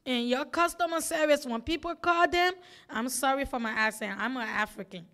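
A woman testifying at a public hearing in a fairly high voice. She is a single mother, and she talks in an earnest, pleading, emphatic way. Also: normal speed, a bit bright. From United States.

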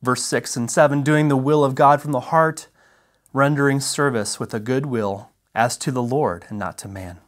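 Preacher, male, mid-range voice; measured, emphatic sermon delivery, slowing on key phrases. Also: mid-range voice. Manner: emphatic, deliberate teaching with slowed key phrases. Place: church.

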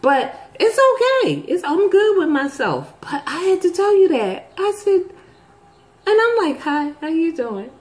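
A middle-aged woman hosting a vlog, chatting casually to her viewers and telling a story, jumping up in pitch to act out the voices she quotes. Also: sing-song, unhurried. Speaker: vlog host.

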